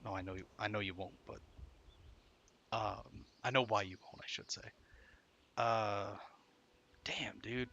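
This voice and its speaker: Streamer, young man, bright forceful voice, swearing gamer commentary, faint ambience behind. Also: on the low side, steady tone, a little slow, pauses often, muffled recording, a little hiss or hum. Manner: swearing, swinging between frustration and laughter. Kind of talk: live gameplay commentary.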